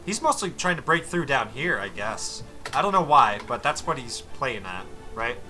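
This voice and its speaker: A man's voice: mid-range voice, sing-song, moderate pace, pushed and bright, soft background music. A young man giving casual, exasperated commentary over his strategy game footage, swearing freely as he walks through a match. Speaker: gaming commentator.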